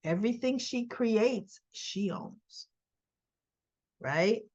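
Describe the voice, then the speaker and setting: Woman host, unhurried chatty soap recap, slightly muffled lo-fi sound. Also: fairly high pitch, expressive, a little mellow. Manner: chatty, acts out characters' lines in quick voices. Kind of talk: casual spoken recap.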